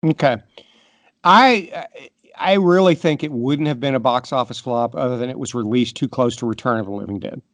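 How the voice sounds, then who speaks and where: A middle-aged man argues his view of a movie on a podcast, making his case with examples at a middle pitch. His voice sounds dry and close to the mic. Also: normal speed, no echo. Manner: opinionated, makes points with examples. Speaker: podcast co-host. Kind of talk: casual movie discussion.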